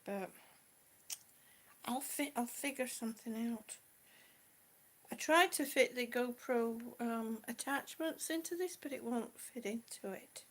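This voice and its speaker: A middle-aged woman chats on a live stream, a little short of breath, with a slightly high voice. She talks slowly and fondly to her viewers and calls them sweetie and honey. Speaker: vlogger chatting with live viewers. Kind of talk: casual live-stream chat.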